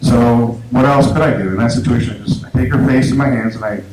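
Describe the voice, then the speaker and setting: A man performing a stand-up comedy set in a small club, self-deprecating, with lots of stumbles and restarts. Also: medium pitch. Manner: halting, self-deprecating delivery with many restarts. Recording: echoey club room, audible noise, poor sound.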